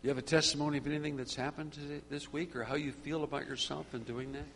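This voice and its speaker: A man's voice: a little high, steady tone, fast talker, a bit bright, a little hiss or hum. Fervent man leading a church group. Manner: conversational, grows fervent and preachy, repeats phrases. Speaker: group leader. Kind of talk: church small-group sharing.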